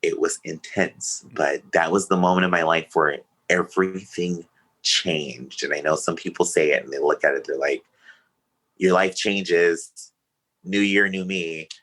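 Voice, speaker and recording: A man's voice: a bass voice, steady tone, normal speed, fairly bright tone, husky, poor audio. A man, a podcast guest, telling a painful personal story in an earnest, emotional way.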